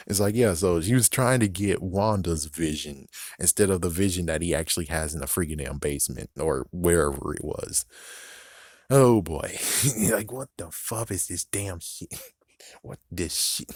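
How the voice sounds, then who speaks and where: A man from the United States talks through a show in a loose, rambling, swear-heavy commentary, laughing and correcting himself as he goes. His voice sits very low. The recording is dry and close, with no room sound. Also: moderate pace, darkish tone, no echo. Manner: rambling, profane, frequent laughs and self-corrections. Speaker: YouTube commentator. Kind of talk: casual reaction commentary.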